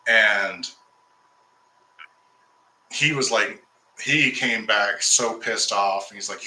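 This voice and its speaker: Man, rambling storyteller, bright tense voice, roomy echo. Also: on the low side, slow, long pauses. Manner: rambling, restarts, heated when recounting conflict. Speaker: occultist host. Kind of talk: casual storytelling to viewers.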